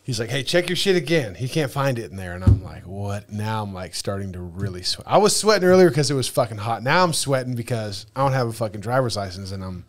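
A man's voice: on the low side, fast, hardly any pauses. A man telling a travel story on a podcast in casual chat, swearing often and acting out the people he met. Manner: animated, profane, acts out dialogue. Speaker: podcast guest.

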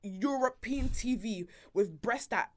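A young woman, hosting a casual chat and laughing often. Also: on the high side. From Nigerian heritage. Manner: animated, laughs often, quick asides. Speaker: podcast host.

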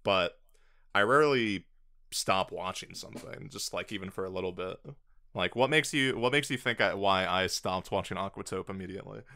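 A man's voice: deep voice, moderate pace, pushed and bright. A man co-hosting a casual podcast, ranting and cursing in exasperation. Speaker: podcast co-host.

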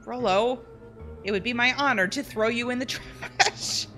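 A woman's voice: on the high side, a little slow, bright, forceful tone, soft background music. A woman voicing an earnest, curious boy hero in a story game.

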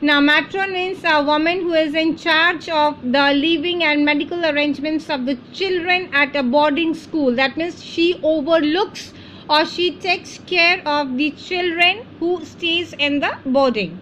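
High-voiced teacher. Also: female voice, a bit bright, highs cut off, a little hiss or hum. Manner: explains word meanings, pauses with "uh". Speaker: English teacher. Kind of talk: reading and explaining a textbook chapter.

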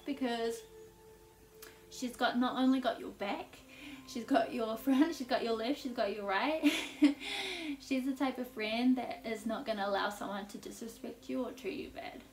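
A woman giving a casual intuitive tarot reading, chatty, laughing often and leaning on "like" as she talks. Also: fairly high pitch. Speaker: tarot reader. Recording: echoey room, mic at a distance.

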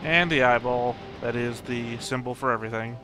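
A man's voice: mid-range voice, normal speed, over music. A man hosting an anime reaction channel, thinking aloud as he puzzles over the plot in casual solo commentary.

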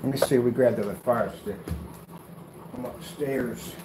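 A man's voice: medium pitch, fairly even intonation, moderate pace, noisy background. A man hosting a casual livestream, brash and teasing, trash-talking his viewers and mock soothing them. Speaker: DIY projector screen paint video host. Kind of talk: casual livestream chat replying to viewer comments.

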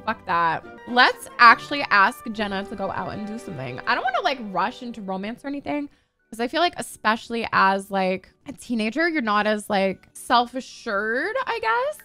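A woman's voice: on the high side, sharp tone. A young woman giving casual, gushing gameplay commentary, peppered with "like" and casual swearing. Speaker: gaming streamer.

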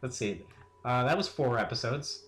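Young guy joking through a game playthrough, lively low voice, echoey room. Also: moderate pace. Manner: joking, laughs often. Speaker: let's play commentator. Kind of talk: casual gaming commentary. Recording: roomy echo with game music.

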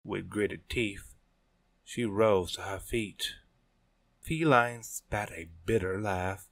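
A man narrating a story in a measured, deliberate reading style. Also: on the low side, gravelly, a bit bright. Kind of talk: scripted audiobook narration.

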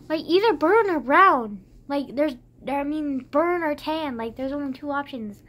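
A young woman with a high voice talks straight to camera in a loose, rambling way. She giggles often and fills her sentences with "like" and "um". Faint room ambience sits under her voice. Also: moderate pace, hardly any pauses, fairly bright tone, slight background noise. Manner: rambling, giggly, many fillers. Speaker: vlogger. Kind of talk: casual chat to camera.

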